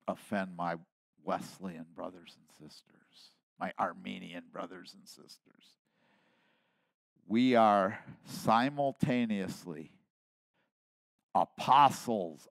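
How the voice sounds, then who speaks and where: A man in his seventies delivers a sermon in a slow, deliberate rhythm. His voice sits low and moves between soft, close asides and loud, emphatic peaks. The sound is dry and close to the mic. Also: vocal fry, no echo. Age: 70s. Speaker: pastor.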